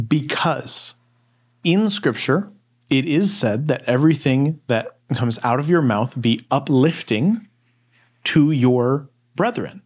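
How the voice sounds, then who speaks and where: A man co-hosting a Bible study podcast, talking in a casual, rambling way with lots of fillers. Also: mid-range voice. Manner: relaxed, rambling storyteller with many fillers. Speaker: podcast co-host.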